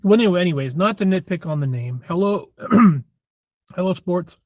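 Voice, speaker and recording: Casting: man hosting a live stream, slightly high voice, chatty and rambling, dull dry lo-fi sound. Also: lively intonation, moderate pace, no room sound. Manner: rambling, chatty, frequent throat clearing. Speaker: livestream host. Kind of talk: casual live-stream chat.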